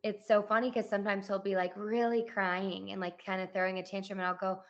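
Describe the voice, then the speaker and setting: A woman's voice: mid-range voice, little pitch movement, brisk, highs cut off. A woman in her thirties hosting a podcast interview, chatting casually with plenty of "like" and "you know". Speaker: podcast host.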